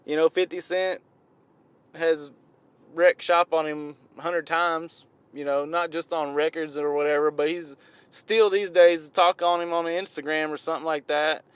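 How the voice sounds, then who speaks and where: Reviewing hip-hop outdoors, a man from the American South rambles casually in a drawl, correcting himself along the way. His fairly high voice is smooth and flat in delivery, unhurried, with no echo.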